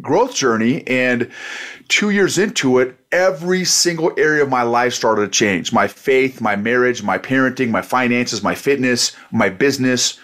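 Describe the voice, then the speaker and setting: A man speaking as a guest over a video call, loud and exuberant, laughing often as he tells his story. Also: medium pitch, normal speed. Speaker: podcast guest. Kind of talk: casual chat.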